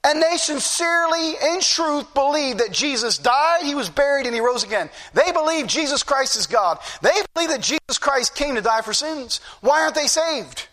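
A man's voice: very high voice, animated, moderate pace, hardly any pauses, pushed and bright. A middle-aged man preaching a fervent sermon, repeating phrases for emphasis.

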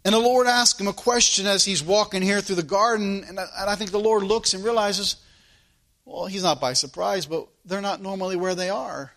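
A man's voice: high-pitched, moderate pace, fairly bright tone. A man preaching a sermon in an earnest, questioning way, often repeating his phrases.

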